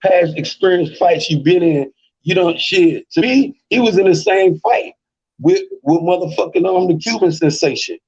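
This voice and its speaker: During a relaxed debate, this Memphis-accented co-host and guest drawls along at a moderate pace, dropping phrases like "you know what I'm saying." His voice is high-pitched, darkish and slightly rough, captured on muffled lo-fi audio.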